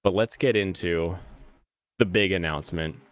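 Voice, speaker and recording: A man hosting a casual podcast chat, animated, his voice jumping high when he gets exasperated. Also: normal speed, no echo. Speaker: podcast host.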